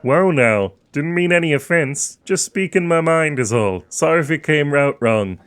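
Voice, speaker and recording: A man's voice: on the high side, animated, moderate pace, a bit bright, clear, resonant tone, pitched above the performer's own voice. Fields: man as a folksy, prejudiced townsman. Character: prejudiced middle-aged male townsman, plainspoken.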